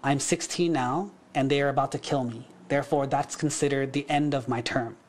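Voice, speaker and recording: A man's voice: mid-range voice, fairly even intonation, fairly quick, a little hiss or hum, lightly acted. A man doing a frightened young prince. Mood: inward. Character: frightened sixteen-year-old prince thinking to himself.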